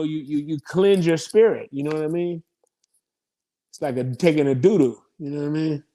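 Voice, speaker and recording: So cal comedian guy in his 50s, a bit high voiced, cussing and laughing through his stories. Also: dark tone. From United States. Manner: profane, laughing, rambling comic asides. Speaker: comedian guest. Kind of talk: casual interview storytelling.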